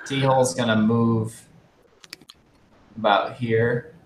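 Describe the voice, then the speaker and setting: A man's voice: mid-range voice, little pitch movement, slow. A man playing a tabletop game, announcing his moves in a hesitant, casual way. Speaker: player. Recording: echoey room with faint noise.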